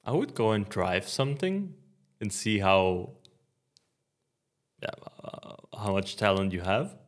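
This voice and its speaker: Deep-voiced man with dry teasing humor. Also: big pitch swings, slow pace. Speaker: podcast host, racing driver. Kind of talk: casual chat.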